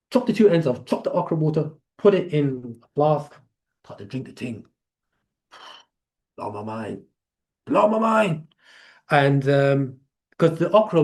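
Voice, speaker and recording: An English man hosts a live question-and-answer session at a medium pitch. He talks casually and rambles, circling back and restarting as he explains. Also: a little mellow. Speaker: host of a live Q&A.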